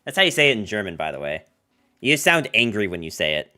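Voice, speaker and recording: Casually chatting with viewers while streaming a card game, this man talks fast in a sharp, lowish voice with big pitch swings. He rambles with lots of fillers like "like" and "um," throwing in jokey asides to chat.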